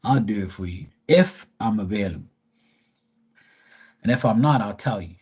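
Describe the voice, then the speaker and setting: A man's voice: on the low side, expressive, normal speed, darkish tone, breathy edge. A man chatting casually on a live tarot stream, telling rambling stories in a blunt, profane way. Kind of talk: casual livestream chat.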